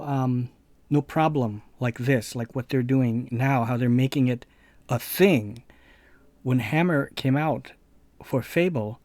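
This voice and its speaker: Mellow-voiced man rambling through a story. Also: mid-range voice, dry recording. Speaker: let's play channel host. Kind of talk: casual video commentary.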